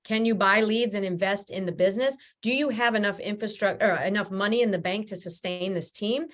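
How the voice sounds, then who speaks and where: A woman guest in a conversational interview, telling lively stories and acting out what people said to her. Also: medium pitch. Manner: animated storyteller, acts out quoted dialogue. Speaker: guest, realtor and team leader.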